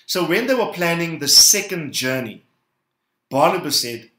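Emphatic pastor in a roomy hall. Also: male voice, on the high side, animated, normal speed, pushed and bright. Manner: emphatic, rising bursts, calls the congregation to repeat. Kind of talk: sermon.

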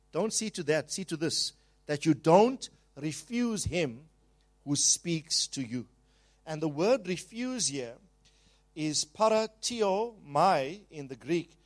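High-voiced emphatic male preacher. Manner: emphatic preaching, leads the congregation in call-and-repeat; slows down and rises in pitch and volume on key phrases. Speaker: pastor. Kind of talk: sermon.

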